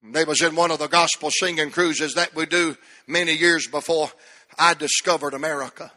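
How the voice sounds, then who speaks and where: A middle-aged man preaching a fervent sermon, swinging between shouted lines and hushed ones. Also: a little high, fairly even intonation, normal speed. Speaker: pastor.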